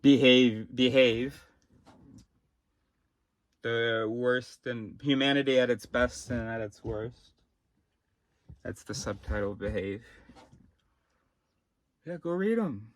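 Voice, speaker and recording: A man talking in a rambling, casual monologue, swinging from low mumbles to sudden shouting and swearing. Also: slow, long pauses. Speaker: vlogger.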